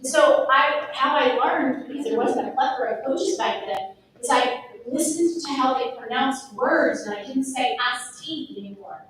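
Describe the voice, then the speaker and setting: Speaking at normal speed in an event room, this middle-aged woman with a Texan accent addresses the real estate audience directly, lively and emphatic as she motivates them. The room is very echoey, her pitch is high, and a far-off microphone captures her over faint background noise.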